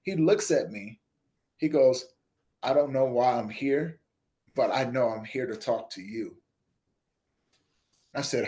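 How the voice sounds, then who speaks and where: A man talking through a personal story on an interview show. He slips into softer, lower tones when he quotes the people in his tale. At other moments he lifts his voice and gets loud and lively. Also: takes it slowly, pauses often. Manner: animated storyteller, acts out dialogue with voice shifts; drops soft and low when quoting others. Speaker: podcast guest, nonprofit founder.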